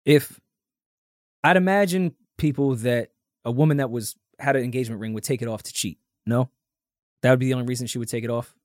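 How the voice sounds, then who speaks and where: A man co-hosting a casual podcast, bantering quickly and joking with plenty of profanity. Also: mid-range voice, no room sound, studio quality. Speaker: podcast co-host. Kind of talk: casual chat.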